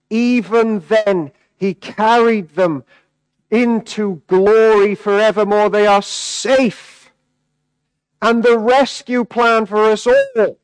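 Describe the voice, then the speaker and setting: Man preaching, high voice, takes it slow, swings quiet then loud, dry sound. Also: smooth, no echo, low-quality recording. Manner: emphatic, swinging between hushed and raised. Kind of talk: sermon.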